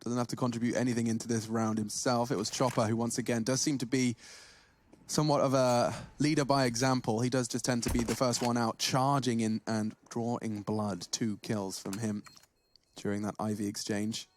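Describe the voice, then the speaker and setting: A man calls the action as a live esports caster, with a mid-pitched voice. He trades jokey banter between plays. A faint hiss sits under his voice. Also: level tone, normal speed. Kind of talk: play-by-play commentary.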